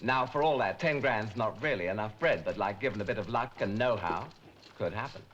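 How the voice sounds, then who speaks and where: An actor playing a glib, hustling pop music manager who talks in trendy slang, in a 1960s film. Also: male voice, on the low side, brisk, fairly bright tone, a little hiss or hum, natural voice. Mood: persuasive. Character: slick fast-talking male pop music manager. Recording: muffled old film soundtrack.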